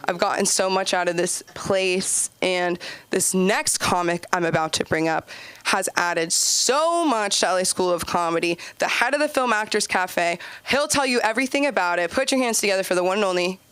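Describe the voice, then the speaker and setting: A woman's voice: lowish voice, normal speed, fairly bright tone, clean tone, no room sound. A woman doing open mic stand-up comedy on a club stage, chatty and giggly, with lots of "like" in her speech. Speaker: stand-up comic and show host.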